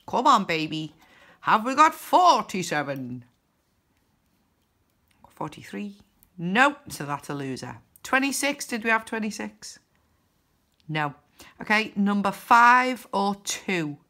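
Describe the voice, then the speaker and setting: Lady scratching cards, talks slow, kinda bright sharp voice, little woohoos and boos. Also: mid-range voice, sing-song. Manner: chatty, counts numbers aloud, cheers and groans. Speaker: scratch card vlogger. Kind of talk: casual commentary while scratching cards.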